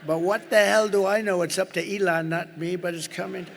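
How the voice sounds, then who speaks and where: A man with a bright, gravelly, slightly high voice addresses a large indoor arena. He rambles and boasts, breaking off for asides to the crowd. The sound carries a long reverb, with a faint crowd murmur behind him. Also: steady tone, a little fast, a little hiss or hum. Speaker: political candidate at a rally. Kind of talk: rally speech. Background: cheering crowd.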